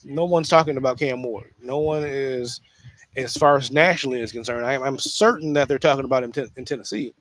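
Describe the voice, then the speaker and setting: A man hosting a casual solo sports talk show, speaking in an animated way with frequent restarts and repeated phrases. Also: mid-range voice, a little fast.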